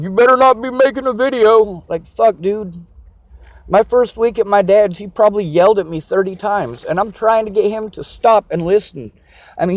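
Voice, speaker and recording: A man's voice: on the high side, darkish tone, dry recording. A man venting to camera in an agitated, profane, repetitive rant. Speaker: vlogger. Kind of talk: angry personal rant to camera.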